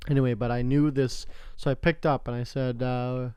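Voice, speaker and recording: Smooth-voiced young man telling stories. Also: medium pitch, moderate pace, no echo, clean studio sound. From Canada. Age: young adult. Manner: animated storyteller, swears freely. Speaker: podcast host. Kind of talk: casual podcast chat.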